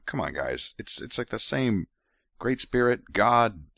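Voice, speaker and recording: Low-voiced guy, a bit tipsy, cracking jokes, voice bouncing all over. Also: measured pace, creaky, no room sound, clean studio sound. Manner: joking, wry, animated asides. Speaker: podcast host. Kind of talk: comedic scripture commentary.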